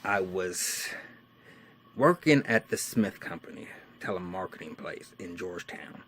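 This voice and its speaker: Animated, profane man telling his life story. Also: sits low, measured pace, slight background noise. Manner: animated and profane, swinging from hushed asides to loud outbursts. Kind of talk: personal storytelling monologue.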